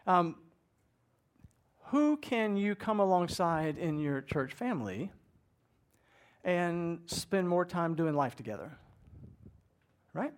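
Animated man preaching a casual sermon. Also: high voice, slow, pauses often. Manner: conversational, animated, acts out inner voices. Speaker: pastor.

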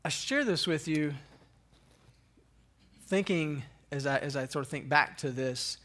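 Guy in his 30s rambling through a personal story, lots of you know and like, kinda higher voice. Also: a little slow, a bit bright. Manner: conversational, rambling, frequent fillers and restarts; self-deprecating, chuckles at himself. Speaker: speaker sharing a personal story. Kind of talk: casual devotional storytelling.

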